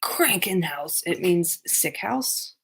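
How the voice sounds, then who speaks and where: A woman's voice: low voice, fairly even intonation, normal speed, vocal fry. A woman hosting a casual livestream, chatting and reading viewer comments aloud with frequent laughter. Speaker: livestream host. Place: abroad on a trip.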